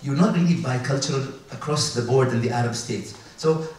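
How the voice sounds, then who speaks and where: A man's voice: mid-range voice, a little mellow. Man speaking in an echoey hall. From UAE. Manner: halting, many fillers and restarts. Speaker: conference speaker. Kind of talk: conference talk with slides. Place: large conference hall. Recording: echoey hall, distant mic, faint noise.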